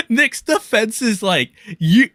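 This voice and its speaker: A man's voice: on the high side, bright, forceful tone, no room sound, studio quality. A man giving heated, profanity-laced livestream commentary, with exasperated outbursts.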